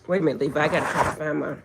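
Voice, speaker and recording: An older woman hosting a casual livestream from her phone, telling stories in a chatty, animated way. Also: low voice, vocal fry, background noise. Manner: chatty, animated storytelling, drawn-out asides. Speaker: livestream host.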